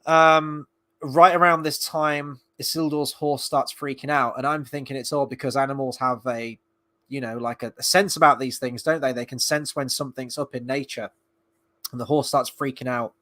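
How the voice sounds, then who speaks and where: A man's voice: mid-range voice, steady tone, normal speed, bright, forceful tone. A man giving a casual spoken review of a TV episode, rambling and sarcastic, with frequent fillers and restarts. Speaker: film and TV reviewer.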